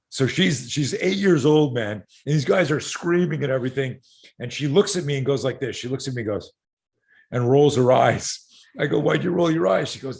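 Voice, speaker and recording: A middle-aged man, a self-defense coach, telling stories as a podcast guest in an animated way, swearing casually and full of fillers. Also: mid-range voice, gravelly.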